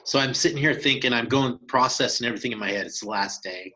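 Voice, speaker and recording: A man, co-hosting a podcast, telling a hunting story in an animated way with many restarts. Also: medium pitch, fast talker, slight background noise, rough recording. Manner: animated, acts out quoted dialogue, many restarts. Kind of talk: casual storytelling chat.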